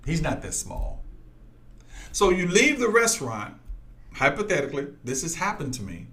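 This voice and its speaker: A man with a somewhat high voice preaches in an emphatic, repetitive way. He weaves personal stories into his message. He speaks straight to his listeners. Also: sing-song, moderate pace, sharp tone. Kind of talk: preaching with storytelling.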